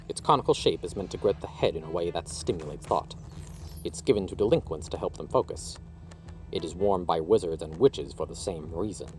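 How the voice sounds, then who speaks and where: Deep-voiced male storyteller. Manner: expressive storytelling. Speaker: narrator. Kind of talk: audiobook reading of own story.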